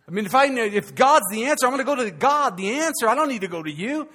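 An older man preaching a sermon as pastor, swinging from loud, animated outbursts to hushed, quiet passages. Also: very high-pitched, quick pace.

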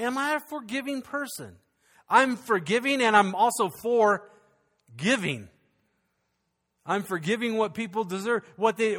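A man's voice: high-pitched, fairly bright tone. A middle-aged man preaching a sermon as pastor, conversational and humorous, with frequent restarts and repeated words. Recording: long hall reverb.

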